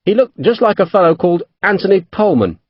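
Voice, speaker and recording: A man reading a plain-spoken army officer who answers his superior carefully and respectfully. The voice is a little husky, recorded dry and dull. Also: sits high, very animated, fairly quick, no room sound, voice pushed up. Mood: guarded. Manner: respectful, careful, says sir. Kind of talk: audiobook character voice.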